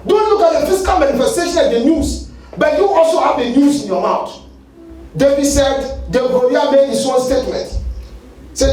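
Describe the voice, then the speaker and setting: A male pastor with a Ghanaian English accent, preaching a fiery sermon and shouting at its peaks. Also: very high-pitched, animated, moderate pace. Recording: echoey hall, far from the mic, light noise.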